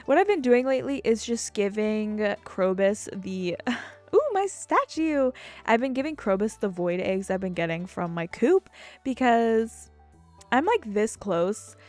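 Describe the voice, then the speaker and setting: A young woman chatting casually over her gameplay, rambling from topic to topic, getting excited and swearing freely. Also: mid-range voice. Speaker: gaming YouTuber.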